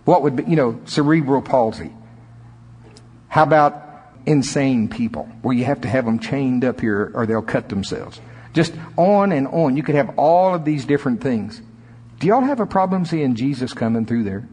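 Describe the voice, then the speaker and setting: A man preaching a sermon, with sudden climbs in pitch and slow, drawn-out emphasis. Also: lively intonation, a little mellow, slightly rough. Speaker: pastor. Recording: echoey hall reverb.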